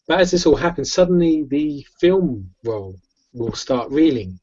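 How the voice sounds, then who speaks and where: A man running a tabletop game as game master, telling the scene in a lively, stumbling storytelling way. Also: on the high side, unhurried. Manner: lively storytelling with restarts and laughs. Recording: dull lo-fi recording.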